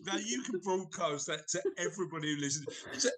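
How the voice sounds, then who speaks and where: A man's voice: high-pitched, brisk, a bit bright. A middle-aged man, hosting a podcast in a rambling, jokey, self-correcting chat. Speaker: podcast host. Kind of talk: casual chat.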